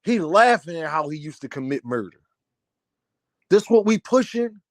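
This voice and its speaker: A young man on a heated rant, scolding the older generation in a preachy, lecturing way. His voice sits high for a man, and the recording is dry and close, with almost no room sound. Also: big pitch swings, normal speed, no echo. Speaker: commentator. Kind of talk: opinion rant to camera.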